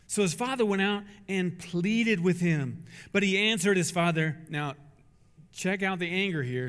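A man's voice: high-pitched, a bit bright, long reverb tail. A man preaching a sermon, emphatic, asking rhetorical questions and acting out quotes. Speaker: pastor.

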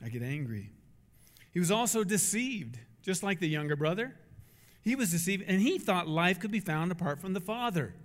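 A man's voice: sits high, animated, moderate pace, in a large hall. A man preaching a sermon, emphatic, asking rhetorical questions and acting out quotes. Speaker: pastor.

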